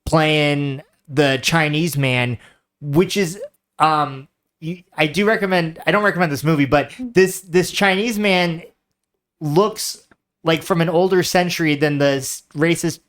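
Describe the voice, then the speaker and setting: A man with a slightly high voice, joking and sardonic in casual podcast chat. He talks like a critic who cannot believe what he watched. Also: unhurried, a bit bright. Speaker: podcast co-host.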